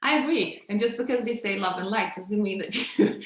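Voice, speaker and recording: A woman's voice: medium pitch, brisk, reverberant. A woman guest in a casual conversation who often searches for words, with many fillers and restarts.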